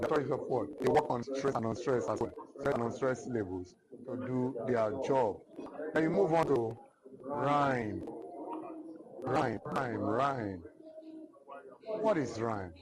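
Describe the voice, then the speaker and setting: A man with a Nigerian English accent teaching a literature lesson, speaking slowly and repeating each definition several times. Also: medium pitch, very noisy. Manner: slow and repetitive, restating definitions. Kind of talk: classroom lecture.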